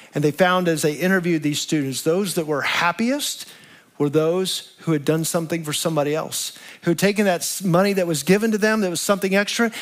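A pastor preaching a sermon, telling stories in a conversational way, asking rhetorical questions and calling his listeners friends. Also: sits high.

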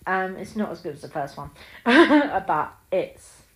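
A woman in her thirties hosts a solo film podcast, gushing about movies with lots of ums. Her medium-pitched, slightly bright voice is very animated but unhurried, and the audio quality is poor.

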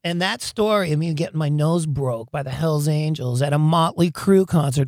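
A man telling wild stories in an interview, excitable and profane, stammering, laughing often and breaking into loud shouts. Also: a little high, moderate pace, few pauses, no echo, studio quality. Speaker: guest, rock singer. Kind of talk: animated storytelling in an interview.

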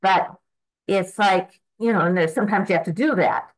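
A woman's voice: mid-range voice, normal speed, poor audio. A woman of eighty giving an earnest, rambling personal testimony at a recovery meeting, with frequent restarts and fillers. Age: 80s.

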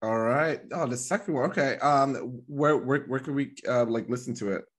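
A man's voice: mid-range voice, normal speed. A man hosting a podcast in casual chat, rambling with lots of fillers and laughing often. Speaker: podcast host.

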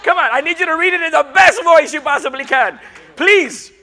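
A male pastor preaching a sermon, animated and joking as he coaxes his congregation along. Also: very high voice, fairly quick. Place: church.

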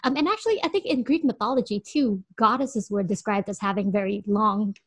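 A young American woman co-hosting a podcast, telling a story in an animated way and laughing often. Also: mid-range voice, a little fast, breathy edge, no echo. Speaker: podcast co-host. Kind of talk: casual chat.

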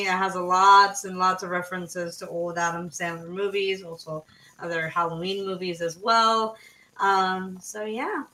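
A woman co-hosts a relaxed movie chat in a bright, forceful voice. She sits a little back from the microphone and talks loosely, trailing off and piling on fillers. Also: medium pitch, far from the mic, rough recording. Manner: chatty, trailing off, many fillers. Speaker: podcast co-host. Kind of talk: casual movie discussion.

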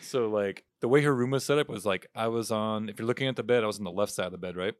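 A man's voice: on the low side, fast talker, clear, resonant tone, dry recording, clean studio sound. Profane young man telling a wild story. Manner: profane, animated storyteller acting out quotes. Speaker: podcast co-host. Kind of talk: casual storytelling chat.

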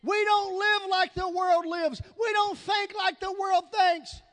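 A pastor with a Southern American accent, preaching a sermon with shouted, drawn-out emphasis. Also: male voice, very high-pitched, steady tone.

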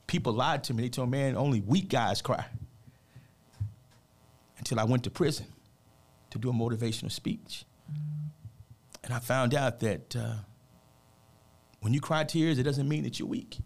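A man speaking as a guest on a radio show, a motivational speaker with a gravelly, fry-edged voice. His pitch sits in an ordinary middle range. He tells a personal story in an earnest, preachy way and keeps tossing in "man" between his points. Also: moderate pace, long pauses.

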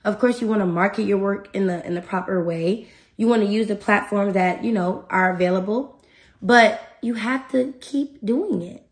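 A woman hosting a podcast in a casual motivational talk, animated and emphatic, speaking straight to her listeners. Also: medium pitch, moderate pace. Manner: animated and emphatic, addresses listeners directly, acts out her own thoughts. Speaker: podcast host.

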